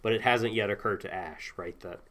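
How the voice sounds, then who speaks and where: A man's voice: fairly low pitch, brisk, bright, forceful tone. A man co-hosting a casual anime podcast, recapping scenes in a rambling way with fillers. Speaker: podcast co-host.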